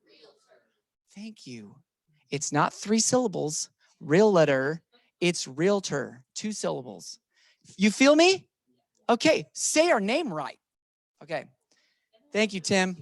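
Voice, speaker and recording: A man's voice: sits high, big pitch swings, takes it slowly, creaky, pauses often, dry recording. A man leading a real estate training session, playful and emphatic, talking to the room and to viewers online.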